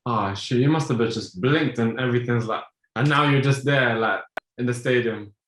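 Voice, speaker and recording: Young host, bright edge to the voice, slangy reactions, roomy echo. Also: male voice, medium pitch, normal speed. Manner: short reactions and laughs, slangy. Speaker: podcast host. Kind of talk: casual chat.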